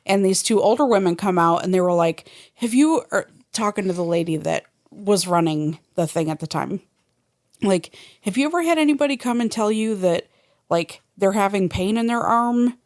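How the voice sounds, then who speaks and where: A woman in casual podcast chat, recounting an experience in a plain, steady way. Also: medium pitch, normal speed.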